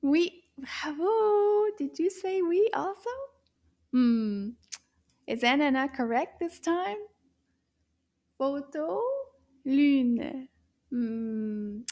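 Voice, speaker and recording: A woman teaches young children in a slow, patient voice. Her voice sits high but sounds mellow, and she often drops to a soft whisper. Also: expressive. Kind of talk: slow, clear teaching to kids.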